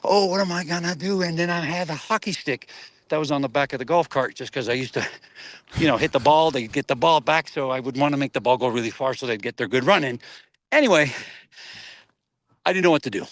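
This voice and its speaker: A middle-aged man, an actor guest in a casual interview, telling animated stories, laughing often and acting out voices. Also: mid-range voice, fairly quick, dry recording.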